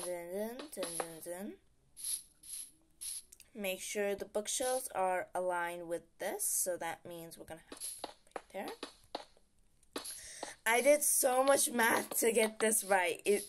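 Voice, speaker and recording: A woman's voice: mid-range voice, noisy background. A woman giving casual, playful game-tutorial commentary, chatting and humming sound effects as she builds. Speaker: gaming channel host.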